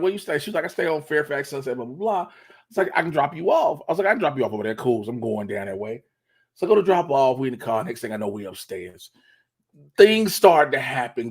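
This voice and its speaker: A man's voice: on the high side, breathy edge. A man, a comedian and co-host, telling a story in casual chat and acting out the dialogue. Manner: animated storyteller who acts out the dialogue.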